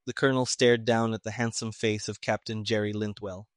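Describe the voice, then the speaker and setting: A man narrating a mystery story in an even, measured reading. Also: on the low side, no echo, studio quality. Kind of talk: audiobook narration of a pulp mystery.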